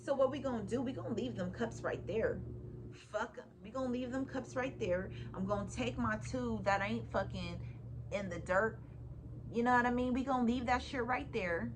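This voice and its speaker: A woman's voice: fairly high pitch, normal speed, noisy background. Profane, emphatic woman tarot reader. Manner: profane, emphatic, laughs often; repeats phrases for emphasis. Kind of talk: casual tarot reading to viewers.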